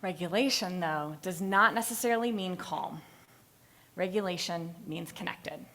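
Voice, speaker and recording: A young woman presents to a room, her voice sitting a little low for a woman. She talks in an expressive, storytelling way, playing out the voices in her anecdotes. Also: moderate pace. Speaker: graduate student presenter. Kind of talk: live capstone presentation. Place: presentation hall.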